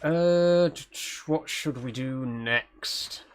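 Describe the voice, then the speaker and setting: A man's voice: mid-range voice, slow, smooth. A man with a mild Yorkshire accent, chatting and thinking aloud as he plays on a live stream. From South Yorkshire, England. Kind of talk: casual live-stream commentary while playing.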